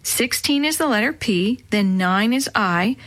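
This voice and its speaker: A woman's voice: a little high, animated, measured pace. A woman voicing a skeptical, joking boy in a children's story. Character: young boy, skeptical and teasing older brother.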